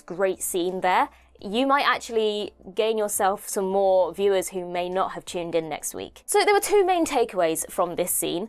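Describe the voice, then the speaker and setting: A young woman from the United Kingdom with a mid-range voice hosts a casual video commentary. She is chatty and self-deprecating, thinking aloud as she talks.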